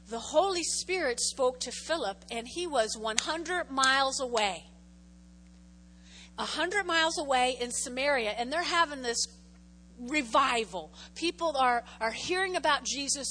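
A woman preaching a lively sermon, reading scripture aloud and calling on the congregation to answer. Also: sits high, slight background noise. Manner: animated, calls on the congregation to respond. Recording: long hall reverb.

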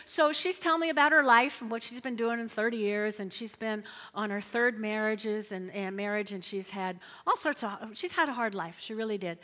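Woman pastor, middle-aged, lively sermon, slightly high voice, repeats her lines, long church reverb. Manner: animated, repeats phrases, acts out voices. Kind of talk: lively sermon with acted-out quotes.

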